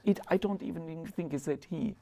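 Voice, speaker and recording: A woman with a German accent reflecting earnestly in an interview. Her voice sits low, with a gravelly edge and a warm, dark timbre. She picks her words with care. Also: moderate pace. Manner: earnest, reflective, careful phrasing. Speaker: former school principal.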